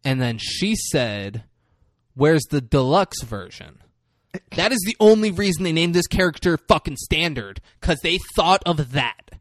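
A man's voice: on the high side, lively intonation, normal speed, a bit bright, no echo, studio quality. A man co-hosting a podcast, casually and profanely retelling a film's plot and slipping into voices for its characters. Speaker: podcast co-host recapping a movie. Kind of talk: casual chat.

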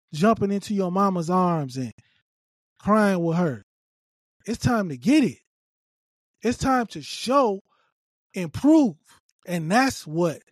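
A man's voice: sits high, no room sound, studio quality. A man giving emphatic, repetitive opinion commentary on a video clip, scolding and lecturing.

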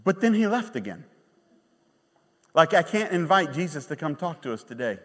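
Pastor guy preaching, high voice, punchy then goes real quiet, big echoey church. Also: moderate pace, long pauses. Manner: emphatic, animated preaching with sudden quiet drops. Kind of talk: sermon. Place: church sanctuary. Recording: long church reverb.

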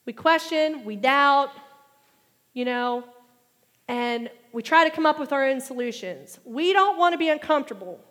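Woman preacher, high voice, big reverb hall, gets loud and fired up on the big points. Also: moderate pace. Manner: animated preaching, rising and loud at emphatic points. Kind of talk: sermon.

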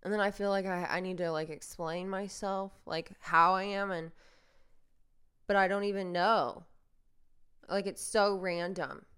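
Young woman rambling on her podcast, smooth clear voice, lots of likes and restarts, pokes fun at herself. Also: mid-range voice, steady tone, unhurried, a bit bright. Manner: rambling, self-deprecating, many fillers and restarts. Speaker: podcast host. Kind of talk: casual monologue.

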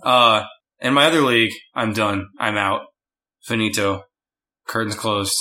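A man's voice: fairly low pitch, unhurried, bright, forceful tone, rough recording. A man co-hosting a podcast in casual chat, teasing and dryly pushing back on his partner. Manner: teasing, dry pushback. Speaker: podcast co-host.

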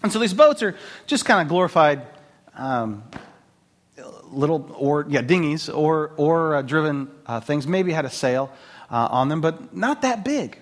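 A man's voice: on the high side, a little slow. A man preaching a conversational sermon as a pastor, telling stories with jokes and laughs and a lot of filler words. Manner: animated, joking storyteller with laughs and filler words.

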